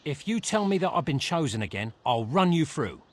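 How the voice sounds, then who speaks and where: An actor playing a selfish, sarcastic rogue bard in a fantasy game, dry and dismissive. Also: male voice, a little high, big pitch swings, fairly quick. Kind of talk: game voice acting.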